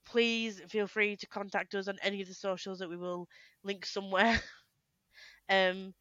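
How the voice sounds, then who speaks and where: Her mid-range voice stays mostly level in pitch and has a fairly bright tone; there's no room sound and the highs are cut off. She's a young woman co-hosting a casual podcast on a headset mic, laughing often and talking in quick bursts with restarts.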